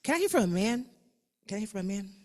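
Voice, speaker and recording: A woman with a Southern US accent leading a workshop, animated and repeating herself, calling out the audience. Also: mid-range voice, fast talker. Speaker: workshop facilitator. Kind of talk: energetic workshop facilitation. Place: conference room with audience.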